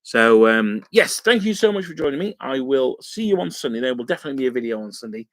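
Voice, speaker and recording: A man's voice: mid-range voice, animated, quick pace, no echo. A man hosting a live stream, chatting loosely and rambling as he paints miniatures. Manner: rambling and chatty, many fillers. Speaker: wargaming channel host.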